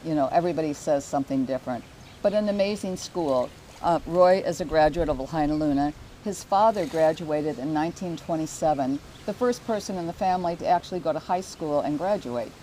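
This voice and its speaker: An older woman talks in an earnest, community-minded way, hosting a casual local show. Her voice sits low and mellow. A faint hiss runs under the recording. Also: brisk, poor audio. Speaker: real estate show host. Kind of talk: casual promotional chat.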